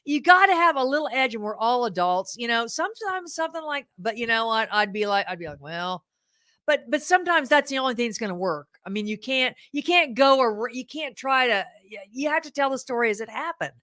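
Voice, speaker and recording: A woman comedian chatting as a guest, animated and self-deprecating. Her voice is bright and fairly high, and it swings up and down a lot. The sound is close and dry. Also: brisk, no echo. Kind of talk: casual chat.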